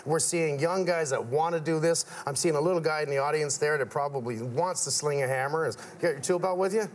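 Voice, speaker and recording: A man's voice: fairly high pitch, brisk, a little hiss or hum. A man, a contractor, talking as a guest in a casual TV interview, telling stories and acting out what others said. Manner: storytelling, acts out quotes of his father. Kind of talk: casual talk show interview. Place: TV studio with audience.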